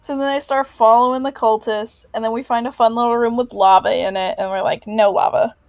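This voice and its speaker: A woman's voice: fairly high pitch, steady tone, fairly quick, no echo. Woman rambling through a game recap. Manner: rambling, swears casually, acts out lines mid-recap. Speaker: player. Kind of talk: casual play and recap of a tabletop game.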